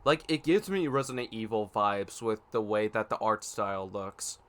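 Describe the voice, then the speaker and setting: A man's voice: fairly low pitch, expressive, normal speed. A man co-hosting a casual podcast, talking eagerly about upcoming films and theme park events. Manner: enthusiastic, makes predictions, frustrated by tech issues. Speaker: podcast co-host.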